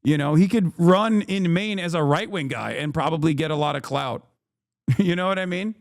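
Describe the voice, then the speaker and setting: A man's voice: fairly high pitch, normal speed, gravelly, dry recording, clean studio sound. Incredulous, profane man ranting. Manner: incredulous, profane, swings into loud exasperated outbursts. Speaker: streamer reacting to news. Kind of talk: casual livestream commentary.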